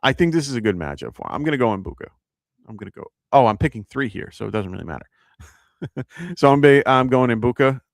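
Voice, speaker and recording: A man's voice: medium pitch, very animated, quick pace, vocal fry, no echo, studio quality. A man with a New York accent hosting a live fantasy football show, thinking aloud with lots of fillers and self-corrections. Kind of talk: casual live-stream advice.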